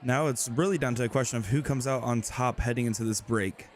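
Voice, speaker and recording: A man's voice: mid-range voice, a little fast, slight background noise. Frank, analytical male darts pundit. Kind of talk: live sports commentary.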